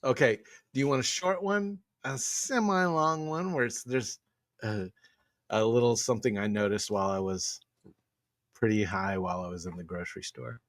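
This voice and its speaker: A man's voice: lowish voice, moderate pace, no room sound, clean studio sound. A man co-hosting a podcast, telling stories in an easygoing, casual way. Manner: laughing often, storytelling, easygoing. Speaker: podcast co-host. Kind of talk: casual chat.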